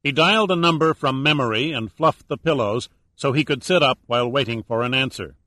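A man reading a thriller audiobook as narrator, in steady, even storytelling. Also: mid-range voice, a little fast.

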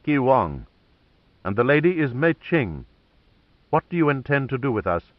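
A man's voice: mid-range voice, very animated, normal speed, no room sound, lo-fi sound, natural voice. A man voicing a cold, menacing male gang enforcer who speaks tightly and clipped.

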